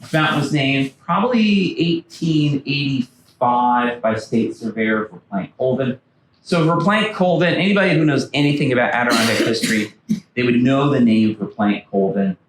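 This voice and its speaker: This mid-range male voice is expressive and moves at a normal speed as an author and former backcountry ranger tells stories over slides in a library meeting room, performing the lines of quoted historical figures. It's captured from afar in an echoey room, with a little hiss or hum.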